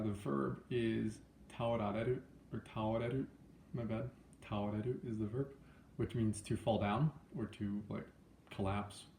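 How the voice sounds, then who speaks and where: A young man with a low, gravelly voice gives a laid-back spoken lesson, stopping often to correct himself. His tone is dark and mellow. The sound bounces around an echoey room, with a faint hiss underneath. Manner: loose and chatty, many fillers and self-corrections. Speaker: language teacher.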